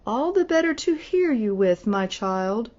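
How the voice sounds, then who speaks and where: A woman voicing a sly, hungry male wolf who coaxes and flatters in a storybook reading. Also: a little high, unhurried, muffled recording. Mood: menacing. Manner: smooth, persuasive, sly.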